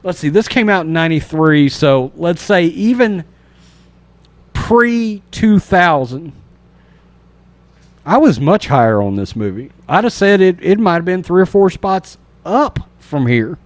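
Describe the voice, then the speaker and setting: A man hosting a casual horror movie review podcast, retelling scenes with animated energy and acting out sound effects and reactions. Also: high-pitched, a little slow, no room sound. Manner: animated storyteller, imitates sounds and acts out reactions. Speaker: podcast host.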